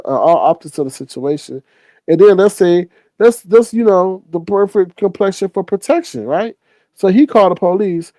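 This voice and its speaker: A man's voice: a little high, warm tone, dry recording. A man telling a story to his viewers in a casual rant, exasperated, repeating himself, swearing a lot and acting out other people's lines. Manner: exasperated, repetitive, heavy profanity. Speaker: online streamer.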